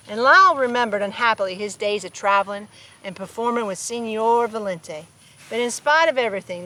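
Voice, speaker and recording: Outdoors on a farm, a woman reads a children's picture book aloud and tosses playful asides to her animals. Her voice is a little high and a bit bright, captured in a low-quality recording.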